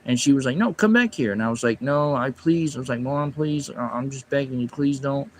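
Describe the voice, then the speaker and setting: A man's voice: medium pitch, fairly even intonation, brisk, a little hiss or hum. A man livestreaming, telling a long personal story in a rambling, casual way and snapping back at his chat. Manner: rambling, speaks quietly when telling the story, louder and sharper when reacting to chat. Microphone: phone or desk mic on a livestream.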